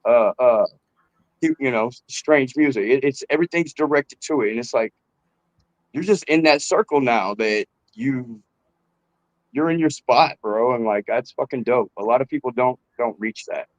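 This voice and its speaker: A man's voice: mid-range voice, moderate pace, no room sound, poor audio. A man talking as a rapper guest in a casual interview, laid-back and swearing freely, calling the host bro.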